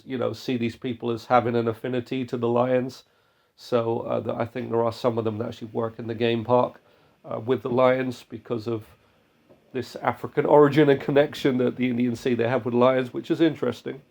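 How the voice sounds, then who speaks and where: Male podcast host with a creaky edge to his voice, earnest and exhorting, restarts often. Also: medium pitch, a little mellow. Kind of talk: missionary podcast talk.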